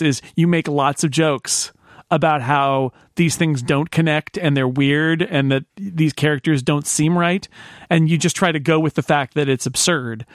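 Male podcast co-host, somewhat high-pitched, chatty and meandering, recorded dry. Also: dry recording. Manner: rambling, self-interrupting. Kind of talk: casual chat.

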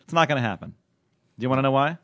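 A man's voice: medium pitch, expressive, fairly bright tone, no room sound. A man co-hosting a podcast, joking and restarting his sentences in casual banter. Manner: joking, halting, self-interrupting. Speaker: podcast host.

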